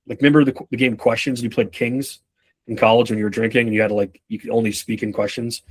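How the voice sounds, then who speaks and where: A man's voice: medium pitch, little pitch movement, quick pace, husky. A man in his thirties giving a casual, profanity-laced sales training talk, acting out short bits of customers and reps as he goes.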